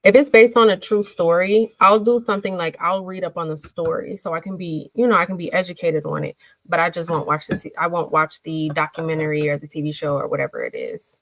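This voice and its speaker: A woman's voice: fairly low pitch, fairly even intonation, a little fast, hardly any pauses, dry recording, rough recording. Chatty woman hosting a livestream. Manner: chatty, reads and answers viewer comments. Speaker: livestream host. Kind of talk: casual livestream chat.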